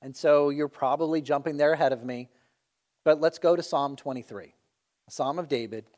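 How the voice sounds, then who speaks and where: A man gives a sermon in an easygoing, conversational way. His voice sits a bit high. He is animated and slips in light jokes as he teaches. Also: moderate pace. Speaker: preacher.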